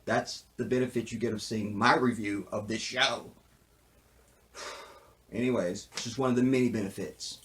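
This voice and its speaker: A man talking straight to camera as he recaps a TV episode. His voice sits at an ordinary middle pitch. He jokes around and keeps checking in with "see what I'm saying". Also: steady tone, moderate pace, pauses often, fairly bright tone. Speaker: TV show reviewer. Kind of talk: casual recap commentary.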